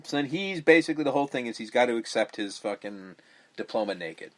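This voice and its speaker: A man's voice: medium pitch, expressive, fast talker, fairly bright tone. A man co-hosting a casual movie-review podcast, rambling and swearing freely as he retells scenes. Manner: profane, rambling, acts out quotes. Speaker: podcast co-host.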